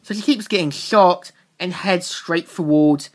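A woman's voice: fairly low pitch, unhurried. A woman reviewing a comic book, recapping its plot in a casual, rambling way with loose restarts.

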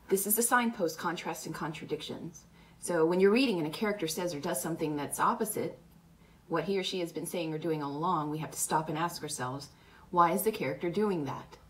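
Low-voiced woman teacher explaining patiently. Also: fairly quick. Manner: patient, explaining, checking with "okay?". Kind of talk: classroom read-aloud lesson.

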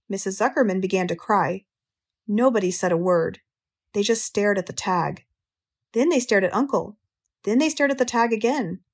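American woman reading a storybook aloud. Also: mid-range voice. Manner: clear, measured storytelling. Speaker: audiobook narrator, English teacher. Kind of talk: audiobook narration for English learners.

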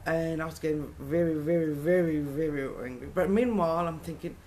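A woman's voice: sits low, brisk, mellow, a little hiss or hum. A woman earnestly recounting a personal experience in a casual group talk, often laughing between words. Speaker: participant sharing experience.

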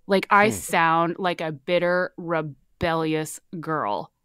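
A woman with a light Southern accent, a guest telling her story in a candid, animated, casual way. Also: sits low, slow pace, clean tone, no echo, studio quality. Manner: candid, animated, swears freely.

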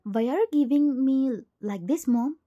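A woman's voice: high voice, animated, normal speed, warm tone, lo-fi sound. A woman voicing a cold, paralyzed young man who earnestly pleads with his mother, in a storybook reading. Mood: pleading.

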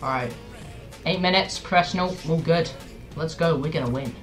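A young man doing loud gameplay commentary for a football video game, swearing and shouting at the players. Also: a little high, normal speed, poor audio. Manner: excitable, swears a lot, yells at the game. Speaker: gaming YouTuber. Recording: game music playing behind. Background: soccer game music and commentary.

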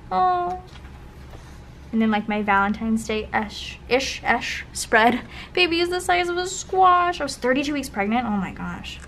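Gushing young woman vlogger, slightly high. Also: a bit bright. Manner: gushing, breathy asides while paging through. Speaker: planner vlogger. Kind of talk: casual flip-through commentary. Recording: faint background noise.

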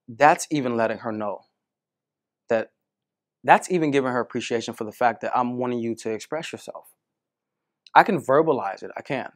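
Male dating coach, casual lively storyteller, mid-range voice. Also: medium pitch. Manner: animated storytelling, acts out quoted women. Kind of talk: coaching talk to a student.

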